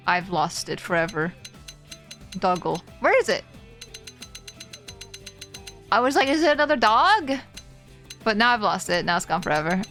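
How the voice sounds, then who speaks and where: A young woman streaming a video game, chatting casually with her viewers, excitable and giggly as she reacts to what happens on screen. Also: medium pitch. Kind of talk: casual gameplay commentary.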